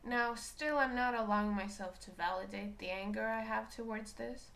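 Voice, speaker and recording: Questioning herself as she goes, a spiritual reader reflects openly and emotionally on her own feelings. Her fairly bright voice sits on the high side, with vocal fry and a moderate pace.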